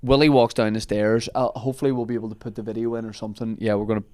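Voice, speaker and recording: A man's voice: mid-range voice, racing, background noise. Man telling a story on a podcast. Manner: animated anecdote telling, laughing often. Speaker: comedy podcast host. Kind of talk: casual storytelling chat.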